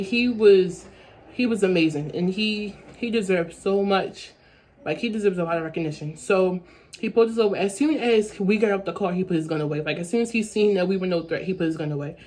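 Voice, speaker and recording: A woman's voice: medium pitch, a little mellow. Young woman, story-time vlog, rambling, repetitive, filler-heavy, talking to camera. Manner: rambling, repeats words, many fillers. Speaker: vlogger.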